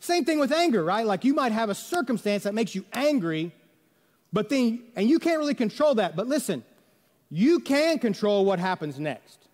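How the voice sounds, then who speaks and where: A man preaches to his congregation, his voice sitting high for a man and often climbing higher when he presses a point. He keeps asking the room questions and slips into the voices of people who make excuses. His words ring out with a long reverb through the church sanctuary. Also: very animated, normal speed, a little mellow. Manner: conversational preaching with rhetorical questions and quoted voices. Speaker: pastor. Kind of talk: sermon.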